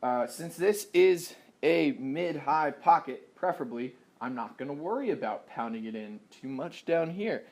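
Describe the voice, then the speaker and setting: A young man casually explaining a hands-on stringing job step by step, chatty and relaxed, with self-deprecating asides. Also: a little high, unhurried, hardly any pauses. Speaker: lacrosse stringing instructor. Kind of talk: casual how-to tutorial.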